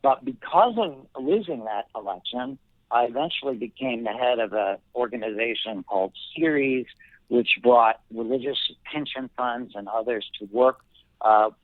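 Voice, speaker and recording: A middle-aged man of mid pitch tells his story slowly and thoughtfully, with frequent pauses and restarted phrases. His voice comes over a narrow, tinny phone line, and the sound is dry and close with no room around it. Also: dry recording. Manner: thoughtful, halting, many fillers and restarts. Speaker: guest. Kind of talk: reflective personal storytelling.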